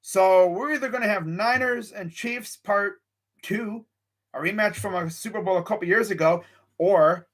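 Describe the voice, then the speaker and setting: An excitable young man talks his sports picks on a casual live stream, reacting to the chat as he goes. His voice sits a little higher than most men's, and he swings between amused disbelief and hyped-up excitement. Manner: excitable, animated, lots of sighs and laughs; reads live chat while talking. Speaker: sports show host.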